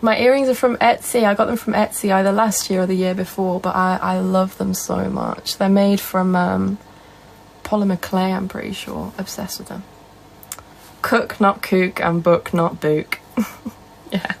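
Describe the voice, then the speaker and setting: A woman's voice: medium pitch, level tone, moderate pace, gravelly, slight background noise, rough recording. A young woman with a Northern English accent, casually chatting on a live stream and answering viewer comments. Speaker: livestreamer.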